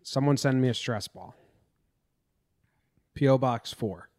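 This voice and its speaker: A man's voice: medium pitch, takes it slowly, darkish tone. A man from New Jersey hosting a casual sports podcast, rambling and venting his frustration. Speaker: podcast host.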